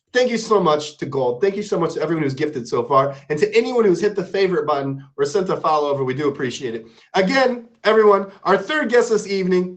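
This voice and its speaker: A man hosting a live stream, chatting casually and playfully with his guest and viewers. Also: sits high. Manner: animated, playful, shouting out supporters. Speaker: stream host.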